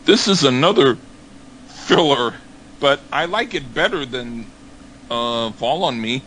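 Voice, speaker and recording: A man's voice: mid-range voice, expressive, takes it slowly, fairly bright tone, slight background noise, low-quality recording. A man co-hosting a casual album review, joking and stammering with many ums. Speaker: podcast co-host reviewing an album. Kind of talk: casual chat.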